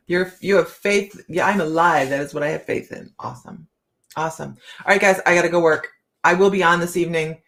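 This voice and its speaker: A woman's voice: on the low side, normal speed, a bit bright. A middle-aged woman hosting a casual live chat, reading cards and talking to viewers by name, laughing often. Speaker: livestream host reading tarot cards.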